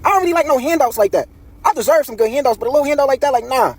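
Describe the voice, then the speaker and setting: A young man with a husky voice who tells a personal story time in a rapid, animated, slang-heavy way. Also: extremely high pitch.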